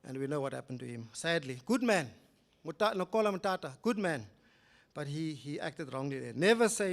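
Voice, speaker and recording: High-voiced older South African man lecturing. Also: a little fast, creaky. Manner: animated, swings between loud emphatic rises and quiet low asides. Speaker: judge giving a public lecture. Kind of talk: public lecture, storytelling. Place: lecture hall.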